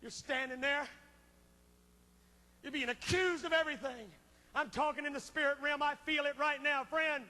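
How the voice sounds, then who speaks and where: A man's voice: very high voice, steady tone, moderate pace, long pauses, big-room sound. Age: adult. Sex: man. Style: fiery revival sermon. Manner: impassioned, swings from shouting to hushed pleading. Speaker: revival preacher. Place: large church auditorium.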